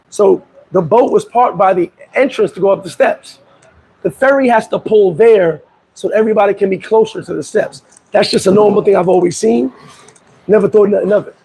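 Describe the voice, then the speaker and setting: A man hosting a casual commentary video, telling a story in an animated way and acting out the people he quotes. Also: high-pitched, gravelly, husky, poor audio. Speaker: vlog host. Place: Dominican Republic.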